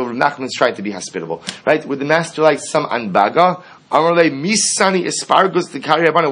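Husky man teaching a Talmud class. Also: mid-range voice, a bit bright. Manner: explains line by line with rhetorical questions.

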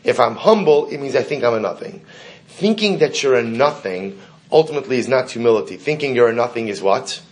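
A man's voice: mid-range voice, expressive, brisk. A man teaching a Talmud class to students, chanting the text in Hebrew and explaining it in English. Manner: asks the class questions. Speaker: Torah teacher.

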